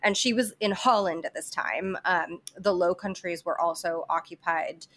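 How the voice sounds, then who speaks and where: A woman's voice: on the low side, moderate pace, a bit bright. A woman hosting a podcast, telling a history story in casual chat, with many fillers, restarts and some swearing. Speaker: podcast host presenting history.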